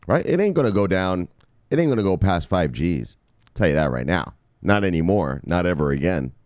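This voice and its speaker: A man's voice: low voice, a little mellow, no room sound, clean studio sound. A man hosting a crypto video, telling a crude, joking story in a mock-preachy way. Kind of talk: mock-sermon crypto commentary.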